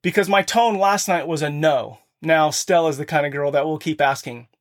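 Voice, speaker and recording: Earnest dad podcast host, kinda high voice, talking right at the listeners from his office. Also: moderate pace. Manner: earnest, addresses listeners directly. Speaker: podcast host speaking to fathers. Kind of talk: motivational monologue. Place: home office.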